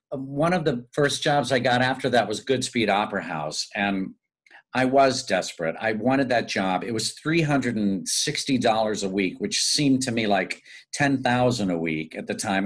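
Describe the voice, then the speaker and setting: A male actor telling lively, self-mocking stories in a casual interview. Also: medium pitch, normal speed. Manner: animated, self-mocking storyteller. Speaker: guest actor.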